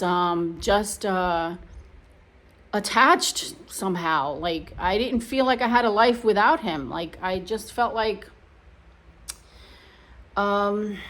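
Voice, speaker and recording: A middle-aged woman vlogging, telling her own painful story in a casual, emotional, rambling way with many restarts. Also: mid-range voice. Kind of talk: casual personal storytelling to camera.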